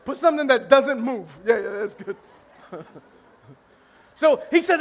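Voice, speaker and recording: A male pastor with a very high voice, telling a comic story to his congregation. He is animated and self-deprecating, breaks into laughter and trips over restarts, and his voice rises to a shout at the funny parts. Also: a little fast. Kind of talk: humorous sermon storytelling.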